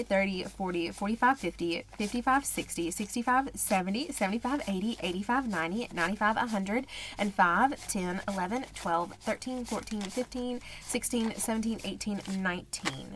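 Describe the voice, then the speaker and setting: Chatty woman counting cash softly. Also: medium pitch, a little hiss or hum. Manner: chatty, counts money under her breath. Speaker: budgeting vlogger. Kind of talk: casual chat while counting cash.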